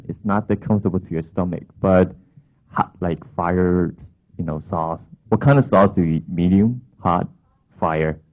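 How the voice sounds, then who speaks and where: Low-voiced man preaching over a tinny line. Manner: conversational, lively anecdote with frequent asides. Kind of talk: storytelling sermon. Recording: tinny phone-like sound.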